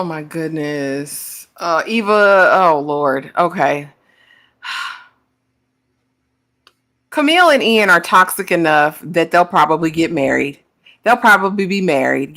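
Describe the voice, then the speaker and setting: Low bright-toned opinionated woman. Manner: frank, opinionated, drawn-out fillers. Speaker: podcast co-host. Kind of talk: casual TV recap chat.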